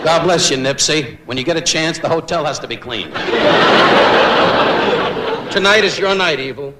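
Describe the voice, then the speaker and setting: A man's voice: fairly high pitch, normal speed. An older man doing an insult comedy roast set, brash and mocking, punching up his jokes. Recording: echoey hall with loud noise. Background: laughing audience.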